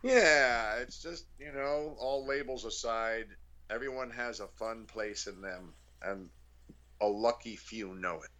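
A man's voice: mid-range voice, measured pace, sharp tone. A man, a comedian guest on a podcast, riffing playfully in casual banter. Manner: playful, riffs on comic ideas.

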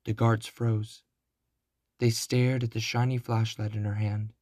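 Male narrator for a kids' chapter book, unhurried, dry close mic. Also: on the low side, level tone, a little mellow, dry recording. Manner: slow, deliberate. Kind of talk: children's storybook reading.

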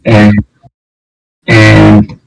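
A man co-hosting a wrestling podcast in casual chat, animated and quick to jump in. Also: on the low side, vocal fry, poor audio. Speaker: podcast co-host.

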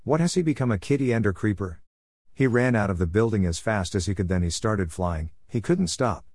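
A man reading a story aloud chapter by chapter, halting now and then with small restarts. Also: lowish voice, animated, darkish tone, no echo, clean studio sound.

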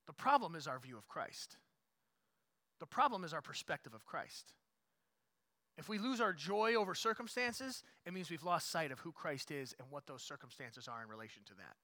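A man preaching a sermon as pastor, repeating his points, rising to loud emphatic peaks and dropping to quiet asides. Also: a little high, very animated, normal speed. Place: church.

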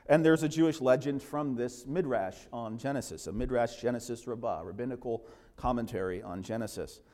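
A man pastor preaching an expository sermon in a church, telling the story with lively voices and an occasional laugh. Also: medium pitch. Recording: long hall reverb.

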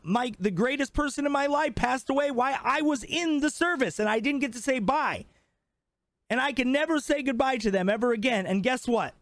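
A man's voice: extremely high pitch, no echo. A man in his twenties co-hosting a podcast, ranting heatedly and swearing constantly. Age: 20s. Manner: profane, fired up, emphatic. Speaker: podcast co-host. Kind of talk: heated casual rant.

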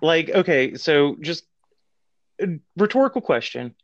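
A man's voice: on the high side, very animated, a little slow, no echo. A man telling stories at length on a podcast, with many fillers and restarts. His mic sounds muffled and lo-fi, and the recording is dry and close. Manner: rambling, full of fillers, laughs. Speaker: podcast co-host. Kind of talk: casual chat.

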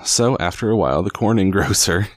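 A man reading a storybook aloud, halting over words and breaking off for wry asides. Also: low voice, lively intonation, no room sound, studio quality. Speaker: reader.

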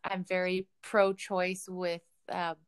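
A woman's voice: on the low side, little pitch movement, takes it slowly, clean tone. A woman co-hosts a casual podcast chat, chatty and blunt, with casual swearing. She asks questions and adds her own views plainly. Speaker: podcast co-host.

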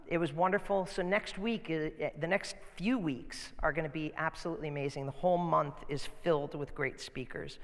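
Chatty pastor preaching in a reverberant hall. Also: male voice, high-pitched. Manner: conversational, animated storytelling with restarts. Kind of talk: sermon. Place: church sanctuary. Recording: church hall with long reverb.

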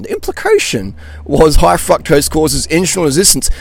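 A man's voice: on the high side, very animated, moderate pace, creaky, no room sound. A middle-aged man, a nutrition coach, answering viewer questions in a blunt, ranting monologue and laughing between points.

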